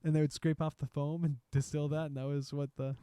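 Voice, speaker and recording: A man's voice: a little high, level tone, a little fast, warm tone, clear, resonant tone, dry recording, clean studio sound. A young man co-hosting a podcast, chatting casually, rambling and swearing as he drifts into tangents. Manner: rambling, profane, goes off on tangents. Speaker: podcast co-host. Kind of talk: casual chat.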